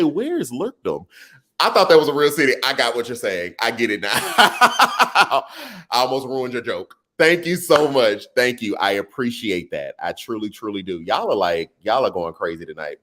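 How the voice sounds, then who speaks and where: Livestream host, man, lively swooping delivery, playful banter. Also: medium pitch, moderate pace. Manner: animated, playful, church-style joking with viewers. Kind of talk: casual livestream chat reading comments.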